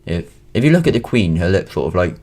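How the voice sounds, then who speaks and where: This late-teens vlogger from Wales talks quickly in a low, husky, slightly mellow voice with a sing-song lilt and a British accent. At home, he rambles through a casual monologue, full of ums and restarts.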